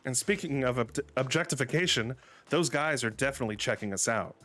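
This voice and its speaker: A man voicing a sassy young woman out clubbing, in a high, gushing voice. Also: animated, fairly quick, bright, forceful tone, faint music behind.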